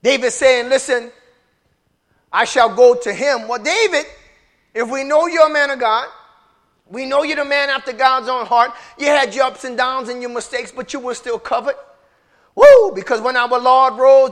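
A man preaching a sermon to a congregation, repeating phrases for emphasis and building into shouted call-and-response. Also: extremely high pitch, fairly even intonation, normal speed.

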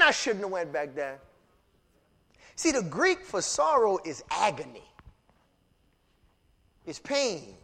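A man preaching a sermon as pastor, animated, swinging from loud cries down to low, quiet lines. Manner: animated preaching, rising to shouts and dropping low.

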